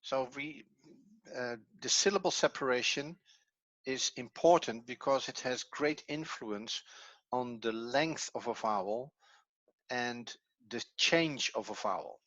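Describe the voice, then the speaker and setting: A man's voice: mid-range voice, a bit bright, no echo, lo-fi sound. A man teaching a live online language class, speaking hesitantly and correcting himself. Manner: slow, hesitant, self-correcting.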